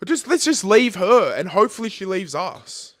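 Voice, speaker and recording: A young Australian man with a fairly high, bouncy voice that swings all over as he talks. He chats casually and swears a lot, tossing in "bro" constantly. His voice sounds dry and close, with no room around it. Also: moderate pace, no room sound. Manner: animated, swears a lot, keeps saying bro. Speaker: podcast co-host. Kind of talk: casual chat.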